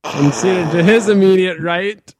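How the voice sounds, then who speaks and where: A man's voice: sits high, measured pace, background noise. A man hosting a casual comedy podcast with friends, rambling and laughing as he talks. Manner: rambling, restarts, laughs often. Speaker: podcast host.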